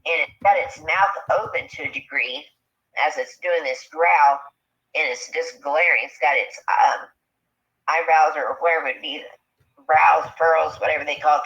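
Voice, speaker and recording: A woman telling a personal story in a casual, animated way, acting out what people said. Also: low voice, muffled recording. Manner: animated, acts out quoted speech. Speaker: guest telling an encounter story.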